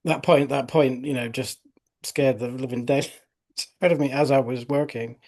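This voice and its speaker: A man's voice: mid-range voice, fairly even intonation, normal speed, a little mellow. A man in his fifties, an osteopath, telling a case story in an interview, rambling with many fillers and restarts. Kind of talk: interview anecdote.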